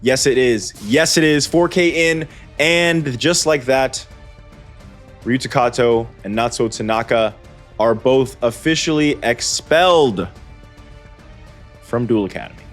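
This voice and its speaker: A man's voice: mid-range voice, a little slow, long pauses. Guy calling card game duels, rambles, cuts himself off, wry little jokes, faint music under him. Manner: rambling, self-correcting, wry asides. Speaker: host and commentator. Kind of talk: gameplay commentary.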